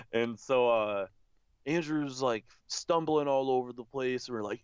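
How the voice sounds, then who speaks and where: A man's voice: medium pitch, expressive, slow, clear, resonant tone, no room sound, dull audio. A young man telling a long rambling story in casual chat, swearing freely and saying "like" over and over. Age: young adult. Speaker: podcast co-host.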